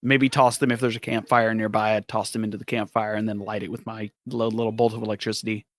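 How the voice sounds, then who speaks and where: A man's voice: lowish voice, little pitch movement, quick pace. A man casually describing his character's actions as a player in a tabletop game.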